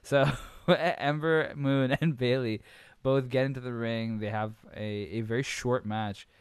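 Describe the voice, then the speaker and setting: A male podcast host giving a casual, rambling wrestling recap full of swearing, fillers and quick impressions. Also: medium pitch, fairly even intonation, clear, resonant tone, dry recording.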